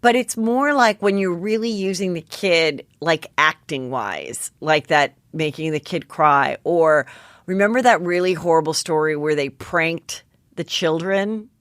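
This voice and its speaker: A woman's voice: deep voice, a little slow, no echo, clean studio sound. A woman in her forties hosting a podcast, chatting casually and animatedly, often restarting her sentences. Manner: animated, restarts often, jumps between stories. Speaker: podcast host. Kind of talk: casual gossip chat.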